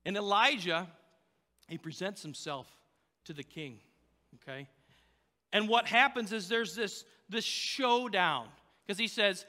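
A man's voice: high voice, expressive, takes it slowly, bright, forceful tone, long reverb tail. A man preaching a sermon, telling a story in a loose, conversational way with fillers and restarts. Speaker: pastor.

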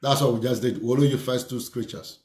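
A man's voice: medium pitch, steady tone, quick pace, a little mellow, reverberant. A man preaching a sermon, fervent and repetitive, speaking declarations and prayer over his listeners.

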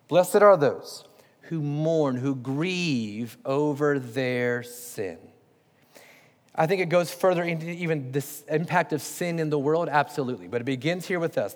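A man's voice: fairly high pitch, a little mellow. Man, pastor, emphatic conversational preaching, long hall reverb. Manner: conversational, emphatic preaching with direct questions to the congregation. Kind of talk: sermon.

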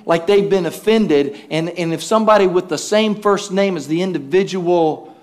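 A man with a high voice preaches a sermon at a moderate pace, telling humorous everyday stories. He animatedly acts out quoted voices and calls for responses from the congregation.

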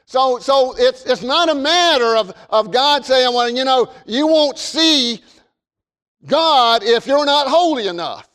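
A man preaching a sermon from the pulpit in an emphatic way, repeating phrases and rising to shouts. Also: extremely high pitch, animated, takes it slowly, clear, resonant tone. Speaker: pastor. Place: church sanctuary. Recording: long reverb of a large hall.

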